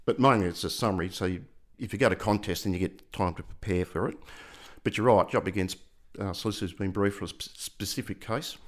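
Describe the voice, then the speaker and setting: A man answering an interview question quickly, explaining his court work. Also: fairly low pitch. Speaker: interview guest.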